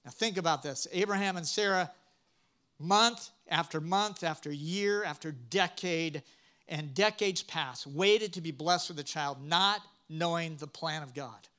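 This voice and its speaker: A man preaching a sermon, humorous and animated, asking the congregation questions. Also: a little high, measured pace, clean tone. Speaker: pastor.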